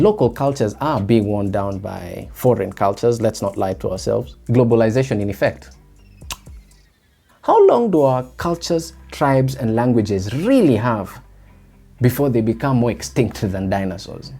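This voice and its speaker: A young Kenyan man with a Kenyan accent talks through a solo podcast episode in a mellow, warm voice. He muses aloud and keeps putting rhetorical questions to his listeners, while faint music plays underneath. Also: mid-range voice, big pitch swings, moderate pace, creaky, slightly rough. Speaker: podcast host.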